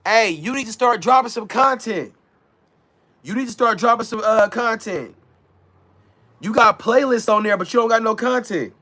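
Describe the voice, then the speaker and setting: A man's voice: high voice, normal speed, long pauses, bright, forceful tone. A man hosting a casual livestream, talking loosely in slang, hyping his chat and reading their messages aloud. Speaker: livestream host.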